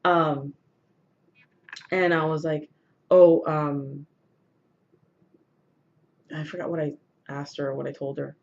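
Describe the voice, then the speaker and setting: Hoarse-throated woman rambling through a story. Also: sits low, fairly even intonation, normal speed, pauses often. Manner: rambling, many fillers and restarts. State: sore throat. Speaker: vlogger. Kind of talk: casual storytelling to camera. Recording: dull lo-fi recording.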